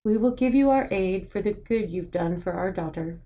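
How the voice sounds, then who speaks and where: A woman's voice: mid-range voice, moderate pace, dark tone, natural voice, low-quality recording. A woman voicing a stern, commanding island queen in a read-aloud book.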